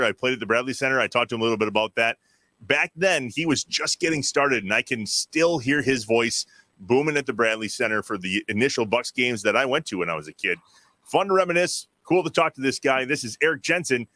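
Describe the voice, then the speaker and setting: Bright-voiced upbeat male podcast host. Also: mid-range voice, fast, no echo. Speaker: podcast host and public address announcer. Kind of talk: casual chat.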